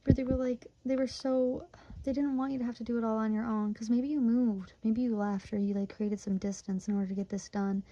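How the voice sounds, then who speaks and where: A woman's voice: on the high side, steady tone, fairly quick, warm tone, muffled recording. A woman in her twenties from Michigan, giving a casual tarot reading, emotional and close to tears, full of "like" fillers. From Michigan, USA. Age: 20s. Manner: emotional, chatty, many "like" fillers. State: tearful, near crying. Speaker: tarot reader.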